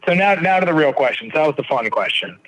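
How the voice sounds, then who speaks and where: A man's voice: fairly high pitch, animated, fast talker, a bit bright, rough recording. Joking male podcast host. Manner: friendly, joking, filler-heavy questions. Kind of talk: casual interview talk.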